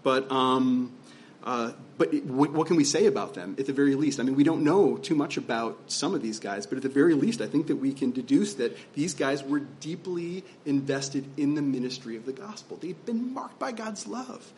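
A man's voice: mid-range voice, moderate pace, darkish tone, a little hiss or hum. A man preaching as pastor, conversational and emphatic, asking his listeners rhetorical questions. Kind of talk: sermon.

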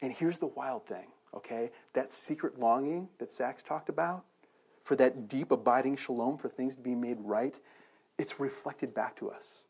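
A man, around his thirties, preaching a sermon in a conversational, animated way, full of rhetorical questions. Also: medium pitch, moderate pace, husky. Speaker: pastor.

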